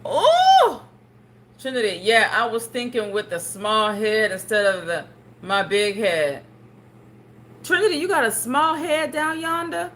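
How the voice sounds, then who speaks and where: Speaking a little slowly in a fairly high voice, this young woman runs a home livestream with slight noise in the background. She goes through viewers' comments and chats casually, full of jokes, energy, and playful fake voices.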